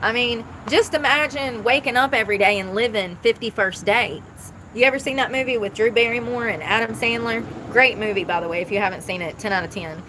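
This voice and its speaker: A woman's voice: fairly high pitch, fairly quick, hardly any pauses, sharp tone, slight background noise, low-quality recording. A woman chatting casually on a live stream outdoors, blunt and thinking aloud as she talks. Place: outdoors near traffic.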